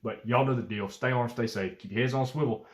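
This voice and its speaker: A man's voice: mid-range voice, fairly quick. A man hosting his own channel, giving blunt, profane, opinionated commentary straight to camera. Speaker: YouTube channel host.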